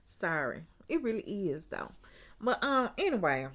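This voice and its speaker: A woman with a medium-pitched voice takes her time recapping a TV episode in a casual, chatty, colloquial manner. Lively and quick to laugh, she draws out exclamations and calls the audience "baby" and "child."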